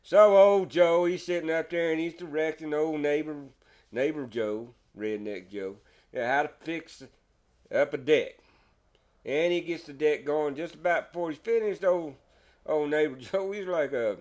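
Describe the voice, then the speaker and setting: A folksy man with a Texas drawl rambles through a joke from his woodworking shop. He chuckles at his own punchlines, and his voice sits a little higher than most men's. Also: unhurried, a little mellow. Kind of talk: casual storytelling.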